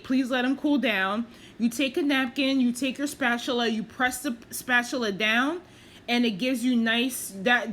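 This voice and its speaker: A woman narrates her home cooking clip in an easy, rambling way, poking fun at her own skills. Her voice sits a little high. A faint hiss of noise hangs under her words. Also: a bit bright. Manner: chatty, self-deprecating, lots of fillers. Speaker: cooking vlogger. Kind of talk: casual voice-over cooking tutorial.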